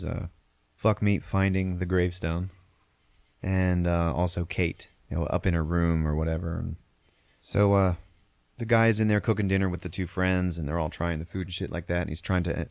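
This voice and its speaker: Deep-voiced man, profane rambling recap. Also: darkish tone, dry recording. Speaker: podcast host. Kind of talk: casual film recap.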